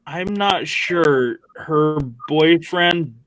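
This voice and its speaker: A man playing a tabletop game in character, deadpan and often laughing at his own jokes. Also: a little high, very slow, no echo, low-quality recording. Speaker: player.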